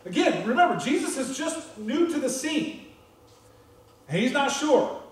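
High-voiced American preacher in an echoey church. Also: male voice, measured pace. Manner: animated, repeats words when stressing a point. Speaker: pastor. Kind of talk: sermon. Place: church sanctuary. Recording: very echoey church, voice distant from the mic.

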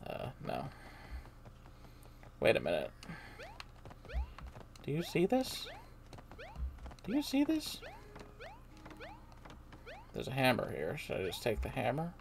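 Low-voiced woman rambling through a game. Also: wildly swooping pitch, unhurried, creaky, pauses often, darkish tone. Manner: rambling, self-deprecating, muttering asides. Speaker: let's player. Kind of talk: game commentary.

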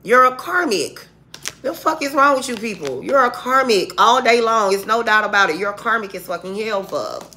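Speaking to her audience at a moderate pace, this tarot reader sounds a little high, bright, and forceful, with an animated, fired-up delivery. She uses coarse, straight-talking street slang over a faint background hiss.

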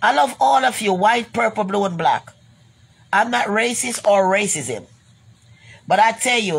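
An expressive, gravelly, medium-pitched voice with a breathy edge, a little slow, with long pauses. A Jamaican vlogger bluntly rants to her viewers, swearing and circling back over the same points in a rambling way, before ending with blessings.

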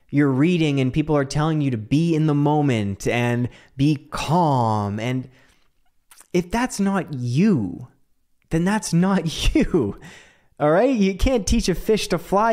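A man with a slightly high voice hosts a solo podcast in a loose, chatty way. He talks with a lot of animation, often laughs, and swears casually as he rambles. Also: a little mellow. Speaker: podcast host.

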